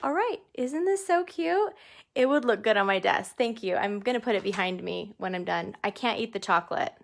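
A woman's voice: medium pitch, lively intonation, normal speed, creaky. A woman leading a live stamping craft tutorial from her home craft room. She talks in a chatty way, jokes about herself and laughs often. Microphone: desk camera under studio lights.

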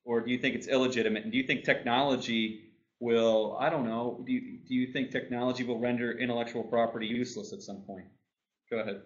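A man's voice: medium pitch, fairly even intonation, fast, highs cut off. A man hosting a casual panel discussion, asking long rambling questions and stumbling over his words. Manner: rambling, self-interrupting questions. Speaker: host.

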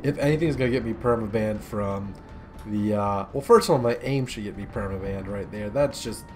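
A man's voice: on the low side, a little fast, a little mellow, a little hiss or hum. A young man giving casual, rambling gameplay commentary with sarcastic jokes and asides. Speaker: gaming commentator.

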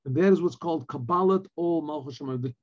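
A man, a rabbi, teaching a Torah lesson, reading Hebrew phrases and explaining them in English with animated emphasis. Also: on the high side, quick pace, highs cut off.

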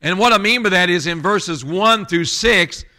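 A man's voice: sits high, normal speed, bright, forceful tone. A male pastor, preaching in a folksy, conversational way with asides to his congregation. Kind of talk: sermon.

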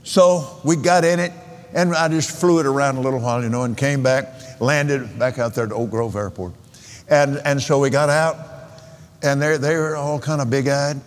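An older man preaching a sermon, telling stories in a slow, rambling way and counting out figures. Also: mid-range voice. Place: large convention hall. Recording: long reverb of a large hall.

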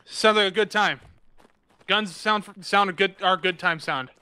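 A man's voice: high-pitched, unhurried, bright, forceful tone, slight background noise. A man streaming a shooter game, cursing and laughing as he plays a mock news reporter. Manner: profane, giggly, hammy newscaster voice. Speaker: gaming streamer. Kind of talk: playful gaming banter, mock news reporting.

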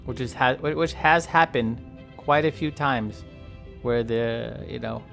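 A man's voice: medium pitch, measured pace, creaky, fairly bright tone, soft background music. A man doing a rambling, jokey bowhead whale. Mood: chatty. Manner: rambling, joking, trash-talking. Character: chatty, friendly male bowhead whale. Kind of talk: playful game commentary role-play.

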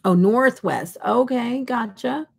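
Here the Kansas host's voice is a little high yet gravelly and husky, moving at a slow pace. The middle-aged woman chats and rambles through her casual makeup livestream, swatching products and now and then whispering.

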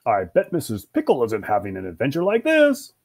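A man voicing a grumpy, bored male pet dog in a storybook, talking in a slow, sulky grumble. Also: medium pitch, wildly swooping pitch, vocal fry, a little mellow, husky, heavily acted. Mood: excited.

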